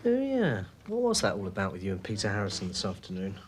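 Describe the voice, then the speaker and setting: A breezy well-off bar customer. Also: male voice, on the low side, huge pitch swings, fast talker. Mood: sheepish. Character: well-off educated man drinking at a bar. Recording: hissy old TV recording.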